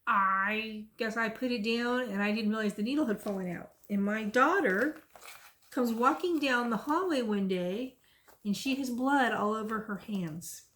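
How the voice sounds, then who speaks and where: A woman's voice: on the high side, unhurried. A middle-aged woman, chatting casually about her cross stitch and telling rambling stories. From Texas. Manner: chatty, rambling, lively when retelling stories. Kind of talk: casual chat and storytelling.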